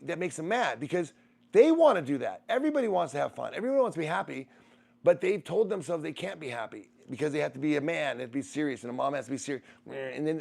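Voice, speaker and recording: A man hosting a casual livestream, reading out viewer comments in a rambling, animated way, swearing freely and laughing often. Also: on the high side, gravelly.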